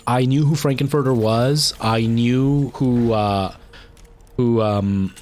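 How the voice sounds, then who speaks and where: A man's voice: mid-range voice, takes it slowly, darkish tone, a little hiss or hum. A man chatting casually on a livestream while he games, rambling through a long story with many fillers and restarts. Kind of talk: casual chat while gaming.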